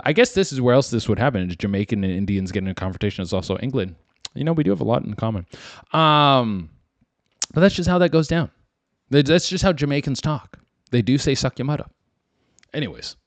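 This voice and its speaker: A man hosts a solo comedy podcast, riffing crudely and wandering off on tangents. His pitch swings up and down as he jokes along. The sound is close and dry, with no room in it. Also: dry recording.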